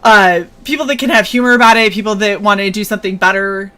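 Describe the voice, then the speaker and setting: A woman hosting a casual chat, telling stories in an animated way and acting out what people said. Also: medium pitch, fast talker. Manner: animated storyteller, acts out quotes. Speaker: host.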